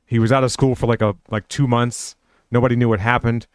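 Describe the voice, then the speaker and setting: Smooth-voiced man telling a rambling story. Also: medium pitch, little pitch movement, brisk, no room sound, studio quality. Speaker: podcast co-host. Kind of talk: casual chat.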